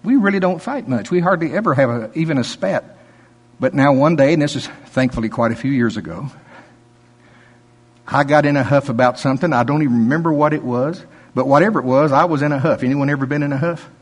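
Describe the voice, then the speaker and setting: A man's voice: medium pitch, a little fast, husky, long reverb tail. A middle-aged male pastor preaching a sermon, telling folksy stories with laughter and quoted voices.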